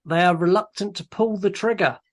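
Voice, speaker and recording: A man's voice: high-pitched, a little fast. A man hosting a film podcast, talking casually and bluntly and swearing freely. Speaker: podcast host. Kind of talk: casual chat about films.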